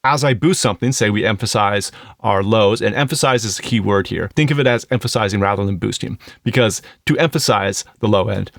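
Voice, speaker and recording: A man's voice: on the low side, fairly quick, vocal fry, dry recording, clean studio sound. A man reviewing an audio plugin in a casual, explanatory tutorial, thinking aloud as he goes. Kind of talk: casual screen-recorded tutorial.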